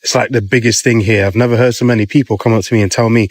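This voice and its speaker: A man's voice: on the low side, fairly even intonation, fast talker, dry recording. Young British man, mid-twenties, casual vlogger with a dry close mic. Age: 20s. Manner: casual, slangy, listing points. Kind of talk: casual vlog to camera.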